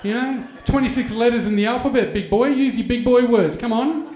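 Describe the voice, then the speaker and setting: A man's voice: very high voice, fairly quick, a little mellow, roomy sound. A man, doing stand-up comedy and telling a crude story with mock voices. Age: 40s. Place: stage in a venue with an audience.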